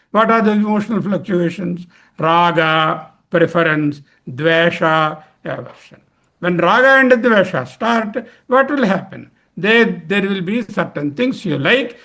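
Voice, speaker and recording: A man with an Indian English accent teaching a study circle, chanting verses and then explaining them slowly and with emphasis. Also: sits high, creaky, a bit bright. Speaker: spiritual teacher.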